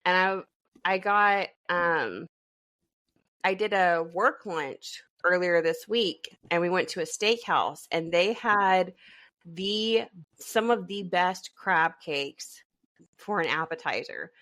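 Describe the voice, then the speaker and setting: A woman podcast co-host telling a story in casual chat over a video call, animated and laughing as she goes. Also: fairly low pitch, slow pace.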